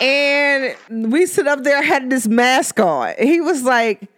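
Sassy, animated young woman podcaster. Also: slow, hardly any pauses, some chatter behind. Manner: animated, sassy, swings between high and low tones; laughs often while talking. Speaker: podcast host. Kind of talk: casual solo podcast monologue.

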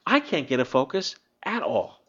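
A man's voice: fairly high pitch, very animated, normal speed, a bit bright, husky. A man hosting a podcast in casual chat, rambling and restarting his sentences, laughing often. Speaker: podcast host. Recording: slightly dull lo-fi sound.

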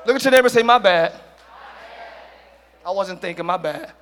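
A man preaching a sermon as pastor to a congregation, using slang and acting out quick quoted voices. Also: sits high, lively intonation, some chatter behind. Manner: preaching with call-and-response and shouted peaks. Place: church hall with congregation.

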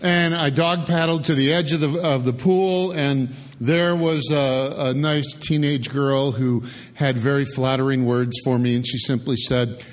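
An older man telling a childhood story live on stage in an unhurried, folksy, reflective way. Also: mid-range voice, fairly even intonation, big-room sound.

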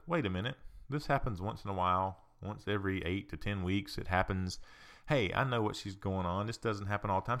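A counselor who hosts a podcast delivers a casual, earnest, reflective monologue blending psychology and faith. His voice is lowish and a bit bright.

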